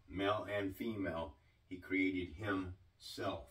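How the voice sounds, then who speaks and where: A man preaching a sermon-style teaching, slow and deliberate, often asking his listeners questions. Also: deep voice, fairly even intonation, a bit bright, far from the mic, low-quality recording.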